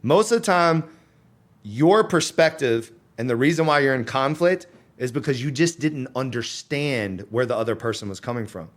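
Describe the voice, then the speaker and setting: Animated man in casual podcast talk. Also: mid-range voice, normal speed. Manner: animated, acts out quoted voices with laughs. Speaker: podcast guest, fitness entrepreneur.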